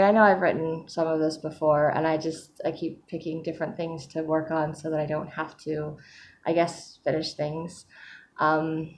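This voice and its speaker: A woman talks into her camera at home, keeping a candid video diary in a somewhat low voice. She speaks hesitantly and softly, with frequent fillers, and sounds a little worn from crying earlier. Faint background noise sits under the recording. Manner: hesitant, soft-spoken, many fillers. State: recently crying. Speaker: vlogger.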